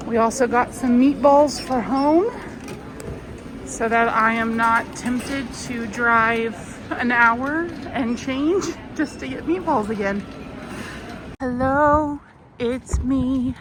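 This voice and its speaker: Young woman, fairly high voice, casual shop-with-me vlog, chatty and self-mocking, camera in hand in a busy store with faint noise behind. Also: slow. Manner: chatty, self-mocking, talking to viewers while shopping. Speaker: vlogger. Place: busy big stores, indoors.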